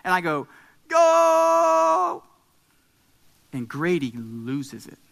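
Bright-voiced male preacher in echoing hall. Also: sits high, moderate pace, a little hiss or hum. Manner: animated storytelling with emphatic rises. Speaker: pastor. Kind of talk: sermon with personal story. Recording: long hall reverb.

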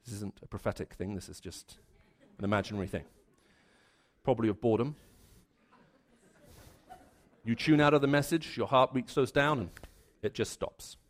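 A man preaching a sermon, earnest and building his points through repeated phrases, dropping to a hushed voice for his stories. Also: medium pitch, normal speed, pauses often.

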